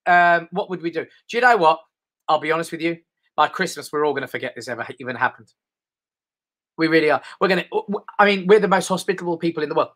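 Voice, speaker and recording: A man's voice: fairly high pitch, fairly bright tone. A middle-aged man with an English accent doing casual, rambling live stand-up comedy to an online audience. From England. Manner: chatty, rambling, mimics voices.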